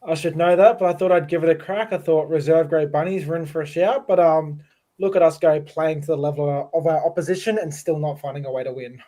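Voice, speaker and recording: A man's voice: a little high, fast, dark tone. An Australian man on a podcast panel, speaking wryly in casual chat.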